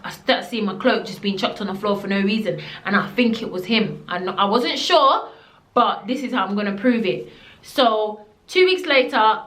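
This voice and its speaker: Animated Jamaican-accented woman telling a story. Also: fairly high pitch. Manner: animated, slips into patois. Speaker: vlogger. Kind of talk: casual storytime. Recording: echoey room.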